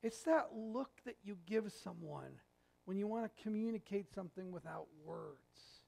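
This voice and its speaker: A male pastor giving a sermon in a conversational, animated storytelling way with jokes. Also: high-pitched, normal speed, gravelly. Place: church sanctuary.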